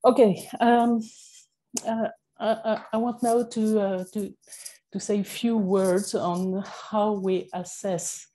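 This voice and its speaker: A woman with a French accent giving a conference presentation, speaking haltingly with many fillers and self-corrections. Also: mid-range voice, flat delivery, mellow, rough recording. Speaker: panel speaker.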